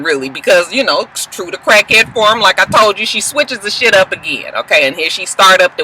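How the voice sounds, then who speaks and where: A woman's voice: medium pitch, brisk, hardly any pauses, slight background noise, poor audio. A woman recapping a reality show in a casual, profane, chatty vlog from a parked car, recorded on a built-in camera mic. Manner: profane, animated, chatty, often laughing. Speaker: TV show reviewer.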